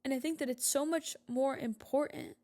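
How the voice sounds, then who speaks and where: A woman's voice: high voice, fairly even intonation, normal speed, mellow. A young woman hosting a solo podcast, telling a personal story in a candid, reflective way, full of "like" fillers. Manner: chatty storytelling with frequent "like" fillers. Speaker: podcast host. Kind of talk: casual solo podcast monologue.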